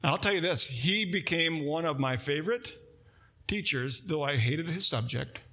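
Bright, animated male preacher. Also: fairly high pitch, moderate pace. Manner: animated storytelling preacher, swinging between loud emphasis and hushed quiet. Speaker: pastor. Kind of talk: sermon.

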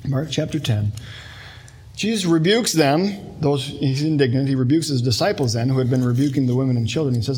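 A man's voice: mid-range voice, brisk, darkish tone, breathy edge. A man in his thirties preaching a sermon as a pastor, talking conversationally and explaining with everyday examples.

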